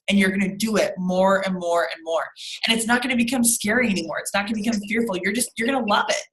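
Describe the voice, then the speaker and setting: A young woman with a bright, forceful voice talks to her sales team in casual motivational chat. She is animated and acts out little scenes as she goes. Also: mid-range voice, echoey room, poor audio. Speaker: co-host of a sales team call.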